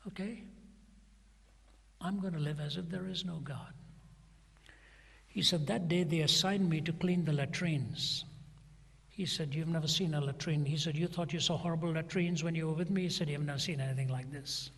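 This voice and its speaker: A man's voice: fairly high pitch, vocal fry, fairly bright tone, breathy edge. A middle-aged man preaching a sermon, retelling a story and acting out both sides of a conversation. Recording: long hall reverb.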